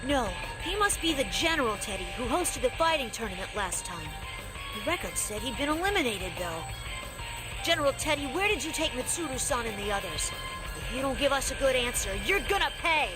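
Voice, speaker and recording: A defiant young woman fighter, voiced by a man in falsetto. Her high voice rises and falls as she demands answers. Loud game music plays behind her. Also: big pitch swings, fairly quick, low-quality recording. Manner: reading game lines aloud in falsetto.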